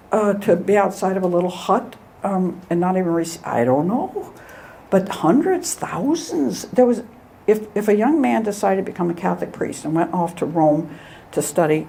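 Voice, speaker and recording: Brief: a woman speaker with a low, warm voice, conversational and exhortative, peppering her talk with "all right?". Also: gravelly, slight background noise. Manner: conversational, often adds "all right?" and "you know?"; acts out dialogue between herself and God. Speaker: speaker at a Catholic event. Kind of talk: informal talk to an audience.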